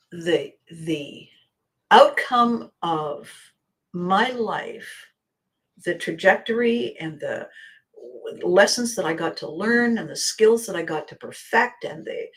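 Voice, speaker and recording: A woman hosting a podcast, telling stories in an animated way, acting out quoted voices and dropping to quiet asides. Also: medium pitch. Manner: laughs often, drops to quiet asides. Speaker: podcast host and coach. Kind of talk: storytelling monologue.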